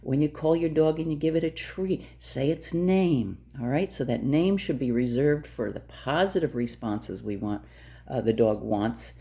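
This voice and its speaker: A woman's voice: extremely low pitch, measured pace, dark tone. A woman dog trainer giving direct, emphatic instructions to camera, repeating her key points.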